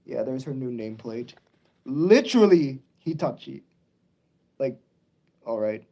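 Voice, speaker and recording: A young man streaming his model railway layout in casual commentary, excitable and prone to yelling at the trains. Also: medium pitch, a little slow, gravelly. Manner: excitable, yells at toy trains.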